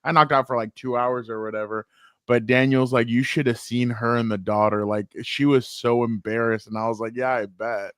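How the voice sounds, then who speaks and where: A man co-hosting a sports podcast, telling a funny story in a relaxed chat and acting out the people in it. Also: medium pitch, moderate pace, no echo, studio quality. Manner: animated storyteller, acts out quoted voices. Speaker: podcast co-host.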